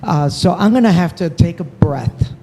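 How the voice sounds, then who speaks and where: Man, high mellow voice, heartfelt motivational speaker on a handheld mic, faint hall ambience. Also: expressive, moderate pace, creaky, a little hiss or hum. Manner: emotional, encouraging, self-deprecating. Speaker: program speaker at student summit. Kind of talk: motivational speech to students. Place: large event hall at a university. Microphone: handheld microphone.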